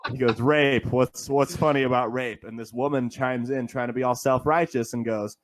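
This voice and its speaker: A man's voice: medium pitch, steady tone, moderate pace, crowd noise. A man who is a comedian and a guest on a podcast, telling stories in a laid-back way and laughing often. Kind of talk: casual chat, telling stories.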